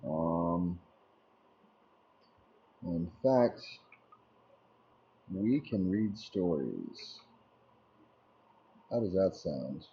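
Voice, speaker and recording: Laid-back male streamer, low mellow voice, answers chat aloud, dull lo-fi stream audio. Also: big pitch swings, drawn-out words, pauses often, slight background noise. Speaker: live streamer. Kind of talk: casual chat reading viewer messages.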